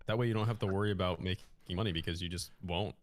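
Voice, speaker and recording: Low-voiced man riffing crudely. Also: fairly even intonation, racing, no room sound. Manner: crude riffing, says like and bro. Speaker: guest on a stream. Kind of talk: casual stream chat.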